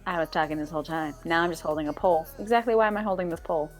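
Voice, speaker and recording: A woman's voice: on the low side, rapid-fire, faint music behind. A woman co-hosting a casual live stream from her home office, talking in a wry, chatty way. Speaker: co-host.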